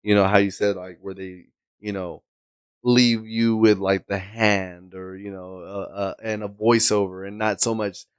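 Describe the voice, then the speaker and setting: Podcast co-host, male, low smooth voice, loose rambling delivery with laughs. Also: little pitch movement, unhurried, no room sound. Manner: rambling, laughs often, restarts. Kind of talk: casual chat.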